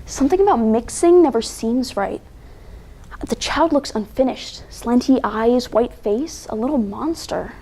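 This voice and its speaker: A careless neighbor gossiping in an offhand, dismissive tone, voiced by a young woman. The voice is fairly high and casual. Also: animated, unhurried, mellow.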